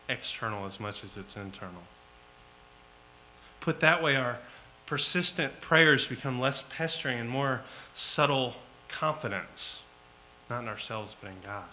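A man preaching a sermon, slow and emphatic, rising to loud pleading at times. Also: medium pitch, slight background noise, low-quality recording.

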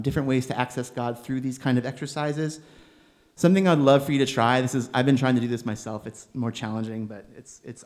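A young man preaching a sermon in a gentle, conversational way, with bursts of emphatic exasperation. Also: medium pitch. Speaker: preacher, seminary student.

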